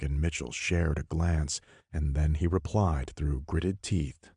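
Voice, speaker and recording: A man reading a horror audiobook as narrator, measured and expressive. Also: a bass voice, husky, no echo, studio quality. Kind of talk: scripted narration.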